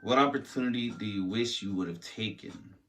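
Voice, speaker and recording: A man's voice: on the low side, a little fast, a bit bright, soft background music. A man hosting his own podcast in loose, rambling casual chat, jittery from coffee, with lots of fillers and restarts. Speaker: podcast host.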